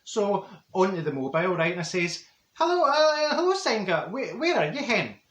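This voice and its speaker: Playing a gossipy, straight-talking Glasgow woman of middle age, a man tells a comic story to camera in a Glaswegian Scottish accent. His voice is high and fairly bright, his delivery fairly quick, and the recording has a roomy echo.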